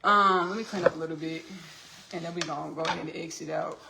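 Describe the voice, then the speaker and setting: A woman's voice: low voice, steady tone, fast, gravelly, noisy background. A woman from Texas chatting on a casual live stream while cooking in her home kitchen, calling her listeners "baby" and laughing often.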